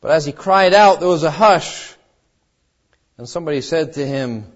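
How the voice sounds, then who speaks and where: A man's voice: fairly high pitch, animated, moderate pace, pauses often. A man preaching a sermon, retelling a Bible story in an earnest way and swelling with fervor as he appeals to the listener. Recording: dull lo-fi recording.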